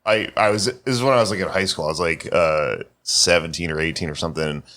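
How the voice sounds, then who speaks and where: A man with a very low, deep voice spins a loose, meandering anecdote on a podcast. He talks casually, leans on "like" as filler, and keeps laughing at his own story. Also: fast talker, bright, forceful tone. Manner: rambling storyteller, peppered with "like", laughs often. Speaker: podcast host.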